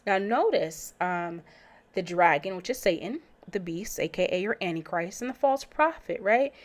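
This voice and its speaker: A woman's voice: on the low side, expressive, normal speed. A woman teaching about the Bible in a casual, conversational way, asking rhetorical questions as she goes.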